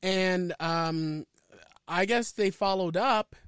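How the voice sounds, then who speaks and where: A man's voice: high voice, slow, fairly bright tone, clean tone, no echo, studio quality. A man co-hosting a podcast, chatting casually and playfully, often restarting his sentences. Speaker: podcast co-host.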